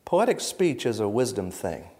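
A man giving a conference teaching talk to a live audience, emphatic, asking rhetorical questions and swinging between loud bursts and hushed asides. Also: fairly low pitch, sing-song, normal speed. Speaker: Bible teacher.

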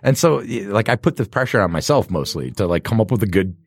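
A man's voice: fairly low pitch, lively intonation, fast talker, husky, no echo, clean studio sound. A man hosting a podcast, rambling through stories, laughing often and poking fun at himself. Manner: rambling storyteller, laughs often, self-deprecating. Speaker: podcast host. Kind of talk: casual chat.

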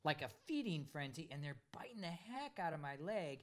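A man casually telling a story on a talk show, animated and acting out the voices of the people in it. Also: on the high side, a little fast. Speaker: podcast co-host, pilot.

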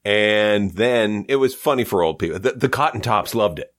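A man's voice: fairly low pitch, moderate pace. A male comedian from Canada chatting casually, telling stories and acting out quotes. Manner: animated storyteller, acts out quotes. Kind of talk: casual chat.

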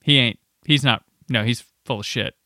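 A blunt college frat guy who swears and waves things off, as a man quotes him in his own bright, crisp voice. The sound is dry and close. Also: medium pitch, moderate pace, no echo, close to an everyday voice. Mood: dismissive. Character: blunt young male college frat brother.

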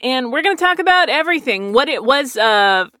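A woman's voice: sits high, lively intonation, fairly quick, sharp tone, no room sound. A woman hosting a solo podcast, chatting in a rambling casual way and laughing often. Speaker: podcast host.

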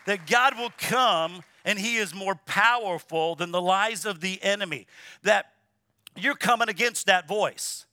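A man's voice: sits high, measured pace, sharp tone, no echo, studio quality, a faint crowd. A man preaching a sermon as pastor, emphatic and repetitive, calling on the congregation to answer back. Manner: emphatic preaching, repeats words, asks congregation to respond. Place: church sanctuary.

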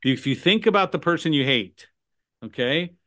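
A man talking as a sales trainer guest in a podcast conversation, animated and punctuating points with "right?" and "okay?". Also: fairly high pitch, moderate pace. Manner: animated, acts out phone calls in put-on voices.

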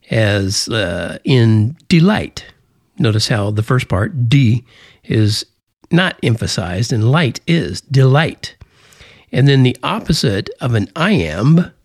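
Casting note: American male podcast host, mid pitch, chatty and joking, dry close mic. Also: dry recording. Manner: jokey, chatty, self-correcting with fillers. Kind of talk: casual solo explainer.

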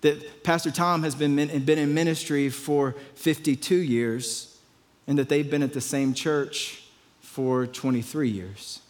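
A man's voice: a little high, fairly even intonation, measured pace, big-room sound. A pastor telling a story in a conversational sermon, often repeating his words.

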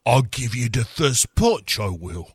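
A man's voice: mid-range voice, very animated, unhurried, slightly rough, dry recording, exaggerated voice. A man voicing a brash, crude young British pop-star woman in a mock London accent, bawdy and boastful. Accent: mock London, dropped "me" and "oi". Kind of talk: comic play-acting on a podcast.

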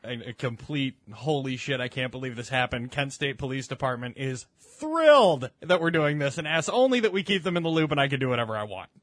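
A young man co-hosting a casual podcast chat, telling stories in an animated way and swearing freely. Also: mid-range voice, a little fast, no room sound. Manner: animated storytelling, swears a lot. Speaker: podcast co-host.

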